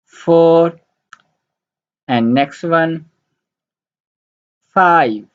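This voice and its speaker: Very slow, deliberate male teacher. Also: a little high, lo-fi sound. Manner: slow, deliberate, repeats each word several times; simple, halting non-native English phrasing. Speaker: language teacher. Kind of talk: online language lesson.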